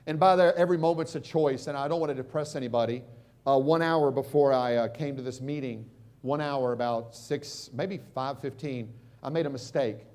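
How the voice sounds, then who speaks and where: A middle-aged American man giving a motivational seminar talk, quizzing the crowd and swinging from loud punches to hushed moments. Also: mid-range voice, normal speed. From United States. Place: stage at a live seminar.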